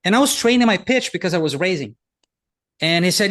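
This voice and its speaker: Guy hosting a founders talk, kinda high voice, jokey and animated. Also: fast talker. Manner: lively, jokes and laughs at his own stories. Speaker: host leading a founders' faith talk. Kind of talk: animated storytelling.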